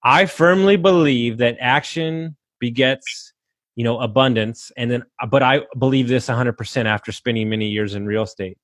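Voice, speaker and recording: A man's voice: medium pitch, moderate pace, no room sound, clean studio sound. A man speaking as a guest on a podcast, talking in an emphatic, fired-up way, swearing freely and preaching like a coach. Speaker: podcast guest, real estate investor. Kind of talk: motivational podcast talk.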